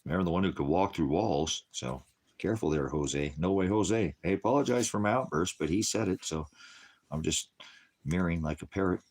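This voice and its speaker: A man with an extremely deep voice delivers a rambling online sermon. He answers his viewers in a mocking, combative way, swears freely and keeps breaking into chuckles. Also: brisk, a little mellow. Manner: chuckles often between remarks. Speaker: online preacher. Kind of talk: ranting livestream sermon answering comments.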